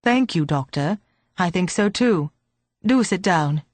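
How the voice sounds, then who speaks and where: A woman voicing a brisk, thoughtful police chief inspector who asks clipped, businesslike questions. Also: high-pitched, expressive, no echo.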